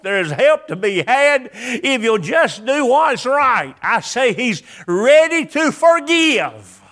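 Male preacher, very high voice, bright and forceful tone, emphatic repeated lines, church sermon. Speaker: pastor.

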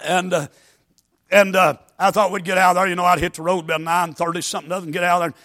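Man, fiery preacher, weak worn voice, bright tense tone, chanted shouts. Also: sits high, level tone, fast talker. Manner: chanting, shouting climaxes with folksy asides. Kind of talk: fiery sermon.

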